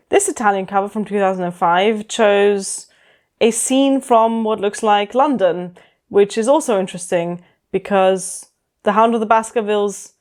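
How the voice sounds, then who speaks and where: Woman book vlogger, dry wit, casual on-camera review, mid pitch. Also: a little mellow. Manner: wry, dry humour. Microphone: camera-mounted shotgun mic.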